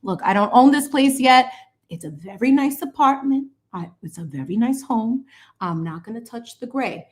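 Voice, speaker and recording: A woman's voice: on the high side, normal speed. A woman in her late thirties hosting a live painting stream, chatting casually and animatedly with viewers as she paints. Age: 30s. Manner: chatty, animated, greets chat viewers with squeals. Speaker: painting livestream host.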